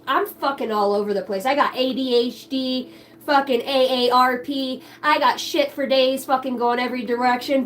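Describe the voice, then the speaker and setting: A woman's voice: high-pitched, moderate pace, slight background noise, low-quality recording. A middle-aged woman hosting a tarot livestream, chatting casually, swearing often and jumping between chat comments. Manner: profane, scattered, reads chat aloud.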